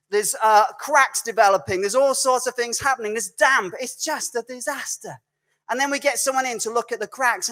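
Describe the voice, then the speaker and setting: A man preaching as a guest speaker in a recorded video message, telling stories in a conversational, animated way and often correcting himself mid-sentence. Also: sits high. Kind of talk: storytelling sermon.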